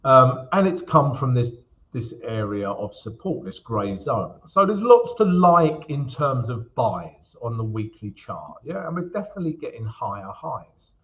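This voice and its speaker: A man's voice: medium pitch, very animated, measured pace, fairly bright tone, muffled recording. A man from England hosting a live stream, chatting casually with viewers and calling them guys and mate. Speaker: host. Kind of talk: live trading stream chat.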